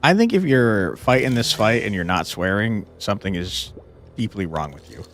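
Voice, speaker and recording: A man's voice: lowish voice, lively intonation, normal speed, a bit bright. Young guy streaming a card game, swears a ton, voice jumps all over, faint game music underneath. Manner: swears a lot, frustrated outbursts and laughs; chats with viewers between moves. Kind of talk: live gameplay commentary.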